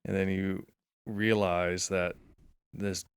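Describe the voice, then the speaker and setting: A man with a low voice chats on a podcast, playfully building out made-up story ideas bit by bit. His delivery is casual and relaxed, recorded close and dry. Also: takes it slowly, clear, resonant tone, dry recording. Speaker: podcast co-host. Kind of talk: casual chat.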